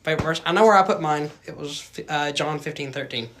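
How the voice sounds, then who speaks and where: Young male podcast host, slightly high voice, rambling casual chatter. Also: fast talker, a bit bright, slight background noise. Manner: chatty, rambling, many fillers and quoted asides. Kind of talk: casual interview chat.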